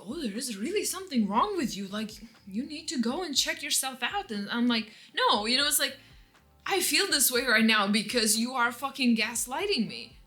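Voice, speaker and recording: A vlogger with a medium-pitched, slightly bright voice rants through an emotional story-time. She rambles, restarts constantly and leans on "like" and "you know," with bitter laughs cutting through her anger.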